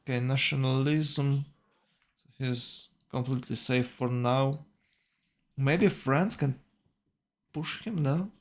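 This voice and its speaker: A man's voice: medium pitch, takes it slowly, pauses often. A man commentating a strategy game tournament, thinking aloud with hesitations and self-corrections.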